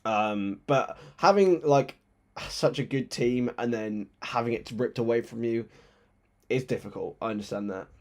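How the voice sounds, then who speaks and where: A young man hosting a live football watchalong, chatting with viewers and switching into excited play-by-play commentary. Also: mid-range voice, measured pace. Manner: chatty, reads chat aloud, bursts into excited play-by-play.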